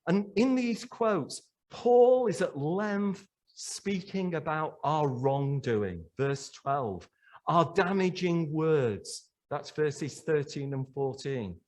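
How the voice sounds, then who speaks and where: A man's voice: on the high side, lively intonation, slow pace. A man preaching a sermon in church, emphatic and full of rhetorical questions to the congregation.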